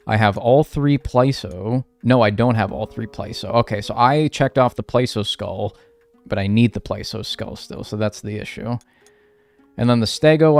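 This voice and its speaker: A man with a low-leaning, darkish voice chats casually with his viewers while streaming a video game. He talks to chat and goes on rants delivered in mock seriousness.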